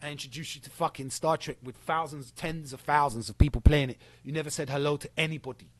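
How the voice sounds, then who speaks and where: In a ranting monologue aimed at a former friend, a young male streamer swears and confronts, going over the same points as he builds his argument. He speaks quickly in a steady, somewhat high voice.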